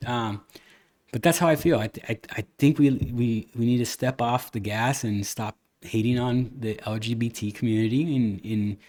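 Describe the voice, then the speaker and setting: A man's voice: mid-range voice, normal speed, a little mellow. A man hosting a casual podcast chat, earnest and rambling, with many restarts and fillers. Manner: earnest, occasionally cusses. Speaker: podcast host.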